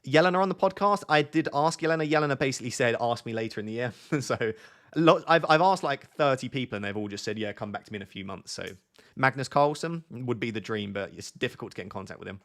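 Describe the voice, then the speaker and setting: Male streamer, mid-pitched, joking, waffly, casual chat. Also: lively intonation, fast talker, a bit bright.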